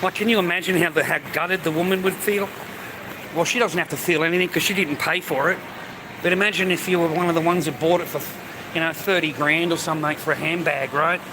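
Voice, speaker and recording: A man's voice: on the high side, fairly even intonation, fast. A man chatting casually on a live stream as he walks around a shopping area, calling everyone "mate". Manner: chatty, says "mate" often. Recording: street and traffic noise.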